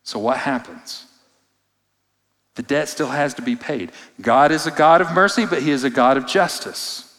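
A man preaching a sermon as pastor, expressive, moving between loud emphasis and hushed, low passages. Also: moderate pace. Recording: long reverb of a large hall.

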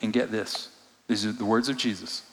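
Pastor preaching in a reverberant hall. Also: male voice, normal speed, a little hiss or hum. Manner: expressive, shifts between loud emphasis and hushed low delivery. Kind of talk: sermon. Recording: long reverb of a large hall.

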